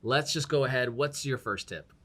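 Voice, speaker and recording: Relaxed host voice, casual and agreeable, middle pitch. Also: normal speed. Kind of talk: casual chat.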